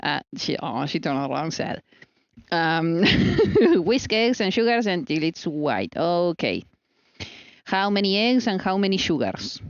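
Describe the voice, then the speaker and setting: A woman chats through a baking stream in her kitchen, scatterbrained and teasing herself. She talks slowly in a lowish voice. The sound is dry and a little dull and lo-fi. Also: sing-song, clear, resonant tone, dry recording. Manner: chatty, scatterbrained, self-teasing, talking to herself. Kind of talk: casual live-stream chat while baking. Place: home kitchen.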